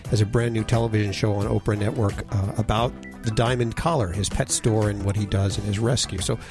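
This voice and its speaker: A man hosting a radio show, announcing the phone line and upcoming segments in a brisk, conversational way. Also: on the low side, steady tone, music in the background.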